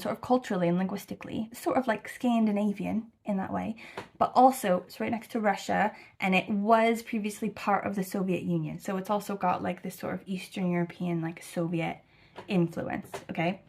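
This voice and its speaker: A young American woman chatting casually to camera about her travels, rambling and animated, with lots of fillers and swearing. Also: medium pitch, normal speed, gravelly, a little hiss or hum. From United States. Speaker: travel vlogger. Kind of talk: casual chat.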